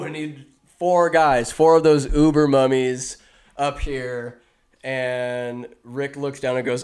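In a smooth, mid-range voice, a man gives a casual scene-by-scene recap of a movie. He speaks rapidly and animatedly, doing brief impressions of the characters along the way.

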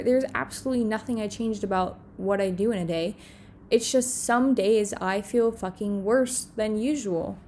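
A woman's voice: mid-range voice, slight background noise. A young woman, a content creator, talking alone in her room on the verge of tears, rambling with many fillers in an emotional confessional vlog. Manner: tearful, rambling, heavy on filler words. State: on the verge of crying.

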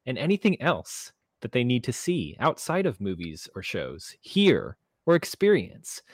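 A man's voice: mid-range voice, wildly swooping pitch, measured pace, no echo. A man hosting a casual podcast where two friends show each other films, joking at his own slips. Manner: self-deprecating, restarts intro. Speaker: podcast host.

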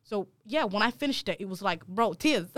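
A woman's voice: medium pitch, expressive, moderate pace, fairly bright tone, dry recording, studio quality. A woman guest on a casual podcast, talking loosely and saying "bro" a lot.

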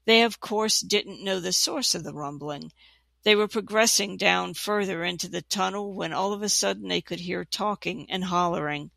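A narrator reads a fantasy tale aloud at an even pace. The voice is heavily gravelly with a bright, forward edge. The sound is dry and close. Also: mid-range voice, normal speed, no echo. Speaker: audiobook narrator. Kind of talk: storybook reading.

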